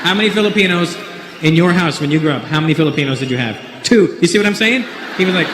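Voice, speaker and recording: A man doing stand-up comedy from Canada, animated and teasing the audience as he tells stories on a large theater stage. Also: on the high side, quick pace, noisy background. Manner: animated, teasing audience members, puts on voices. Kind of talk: stand-up comedy with crowd work.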